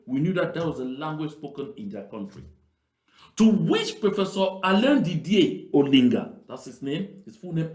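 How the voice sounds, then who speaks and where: A man from Southern Cameroons, giving emphatic political commentary on played clips and repeating key phrases. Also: a little high. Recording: roomy echo.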